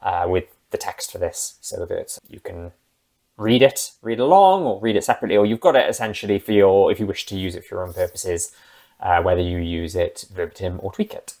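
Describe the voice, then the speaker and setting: A man's voice: low voice, a little fast, a little mellow. A man who runs a tabletop game, chatting casually and rambling with asides as a channel host. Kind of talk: casual talk about a tabletop game character.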